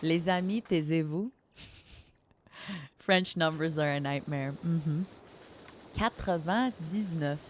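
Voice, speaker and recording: A soft-spoken woman streamer talks with her viewers in a relaxed, unhurried way, her voice sitting fairly low. She giggles often and slips easily between English and French. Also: a little hiss or hum. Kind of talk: soft-spoken casual chat while gaming.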